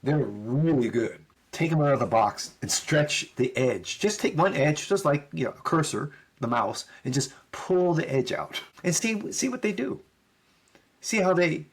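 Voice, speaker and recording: A man's voice: mid-range voice, husky. A middle-aged man, a podcast guest, telling a story in conversation and acting out both sides of the dialogue.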